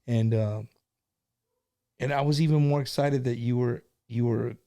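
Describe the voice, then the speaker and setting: Chill host dude, warm low-key voice, lots of bro and man. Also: steady tone, a little slow. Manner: laid-back, slangy, says "bro" and "man". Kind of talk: casual interview chat.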